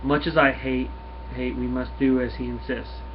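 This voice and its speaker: A man's voice: medium pitch, little pitch movement, moderate pace, lightly acted. A man voicing a solemn, noble male alien warrior who speaks in a formal, old-fashioned way. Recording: dull lo-fi recording, faint hiss.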